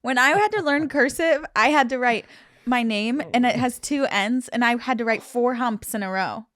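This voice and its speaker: A young woman co-hosting a casual comedy podcast, telling stories in a relaxed, giggly way. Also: fairly high pitch, normal speed, no echo, clean studio sound. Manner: relaxed, giggly, easygoing storytelling. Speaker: podcast co-host.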